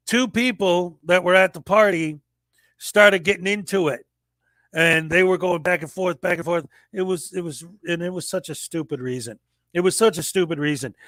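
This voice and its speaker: A man in his forties hosting a livestream, telling a story in a lively casual way and acting out the people he quotes. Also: high-pitched, no room sound. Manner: animated storyteller, acts out quoted voices. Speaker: livestream host.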